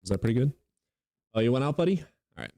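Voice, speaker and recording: A man's voice: medium pitch, lively intonation, fast talker, mellow, no echo, studio quality. A young man streaming live, joking and teasing his viewers in casual chat. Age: young adult.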